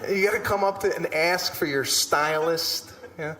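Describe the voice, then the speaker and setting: High-pitched, exasperated stand-up comedian. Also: male voice, normal speed, noisy background. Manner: animated, exasperated storytelling with shouted punchlines. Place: large live comedy venue. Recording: live stage with hall echo and crowd.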